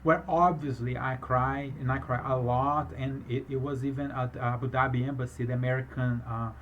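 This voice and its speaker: A non-native English speaker tells a personal story in a halting, rambling flow full of restarts. His voice sits at an ordinary pitch. The recording is a little muffled, with faint noise behind him. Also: fairly even intonation. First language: not English, speaks with a foreign accent. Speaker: business owner recounting a fraud case. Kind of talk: emotional personal account.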